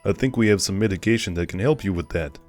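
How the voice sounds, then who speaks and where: A man's voice: low voice, quick pace, faint music behind, close to an everyday voice. A man voicing a polite, scheming mansion owner in a horror game. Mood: welcoming. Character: suave mansion owner, welcoming but scheming.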